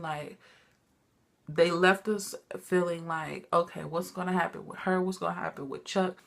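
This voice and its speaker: Chatty woman with a gravelly edge. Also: on the low side. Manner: chatty, animated storytelling, addresses viewers as y'all. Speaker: TV recap vlogger. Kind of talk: casual TV recap chat.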